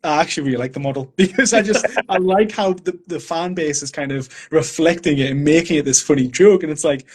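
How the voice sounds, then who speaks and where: Young lad, bit high voice, chatty, laughs telling stories. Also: male voice, fairly quick, hardly any pauses, husky. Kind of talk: casual chat.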